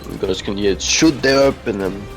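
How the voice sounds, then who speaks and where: A man's voice: fairly low pitch, fast talker, music in the background. A man playing a tabletop game, asking the game master questions and deciding his move in a hesitant way. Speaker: player.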